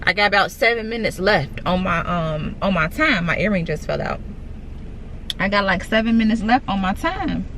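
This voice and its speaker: A young woman records a casual storytime vlog into her phone from inside a parked car. She tells her story in an excited, repetitive rush and keeps turning to her viewers. Faint car noise hums behind her mid-pitched voice. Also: normal speed. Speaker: vlogger.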